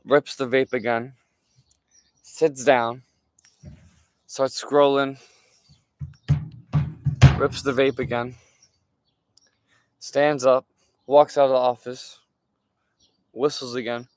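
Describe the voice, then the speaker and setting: A young man telling a story from his day in a casual, animated way, swearing and using lots of fillers. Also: medium pitch, takes it slowly, pauses often, dry recording. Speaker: streamer.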